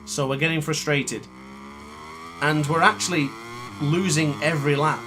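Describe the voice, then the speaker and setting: At a moderate pace, a man with a slightly high voice gives live commentary on a racing game as a gaming YouTuber. He frequently mutters and reproaches himself, clearly frustrated, with motorbike game sounds and engine noise in the background.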